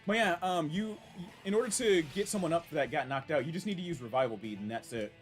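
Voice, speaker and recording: A man's voice: on the high side, lively intonation, fast talker, faint music behind. A man casually chatting while streaming a game, rambling and reacting with many restarts. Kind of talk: casual live-stream commentary.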